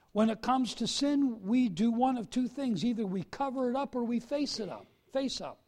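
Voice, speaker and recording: A male preacher giving a sermon, swinging from soft confession to loud emphasis. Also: high-pitched, very animated, a little slow.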